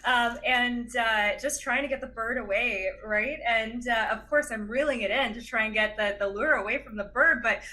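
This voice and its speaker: A young woman, a podcast guest, telling a story in an animated, chatty way with lots of laughs and fillers. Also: on the high side, moderate pace, hardly any pauses, a little hiss or hum. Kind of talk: casual storytelling in a chat.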